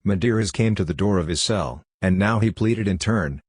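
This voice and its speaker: A man narrating a novel as an audiobook with a measured, steady reading. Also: low voice, slightly rough, dry recording, clean studio sound. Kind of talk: scripted narration.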